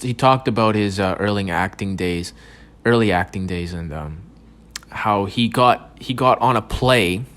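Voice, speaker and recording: A man's voice: low-pitched, fairly bright tone. A young man hosting a casual solo podcast, rambling and swearing freely with lots of stumbling restarts. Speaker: podcast host.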